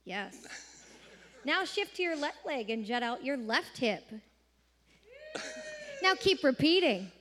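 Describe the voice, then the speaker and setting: Cheerful woman calling out instructions, high bright voice, long hall reverb. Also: very animated, slow, long pauses. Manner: cheerful, encouraging, laughs along. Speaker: congregant reading dance instructions. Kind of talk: reading instructions aloud.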